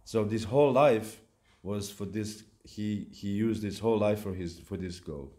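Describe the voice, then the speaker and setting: A man giving a devotional lecture at a temple, speaking in a halting way with fillers and restarts. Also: lowish voice, dark tone. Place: temple hall.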